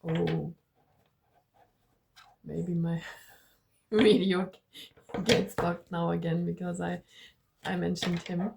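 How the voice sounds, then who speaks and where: A woman's voice: lowish voice, little pitch movement, slow pace, vocal fry, long pauses, a little mellow, a little hiss or hum. A woman with a German accent reading oracle cards for her viewers in a vlog, gushing and affectionate, repeating herself and laughing often. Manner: laughs often while talking. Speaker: tarot and oracle card reader.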